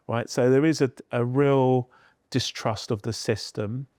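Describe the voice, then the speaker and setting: A middle-aged man from London, speaking as a podcast guest. He talks earnestly and tells stories with animation, at a medium pitch, in a dry, close recording. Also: fairly even intonation, a little slow, a little mellow, no echo. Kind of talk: podcast interview.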